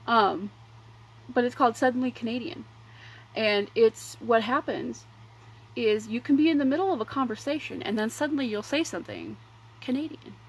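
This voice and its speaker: A woman hosting a casual makeup livestream, rambling chattily between applying mascara and pitching her products. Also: breathy edge, rough recording. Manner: chatty and rambling, drifting between demo and sales talk. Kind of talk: casual makeup tutorial chat.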